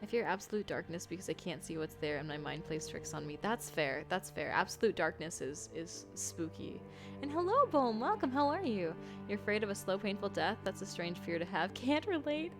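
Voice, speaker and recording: A woman's voice: lowish voice, animated, fairly quick. A woman casually chatting on a live stream, reading viewers' scary stories and greeting chat with a giggly manner. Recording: music playing behind.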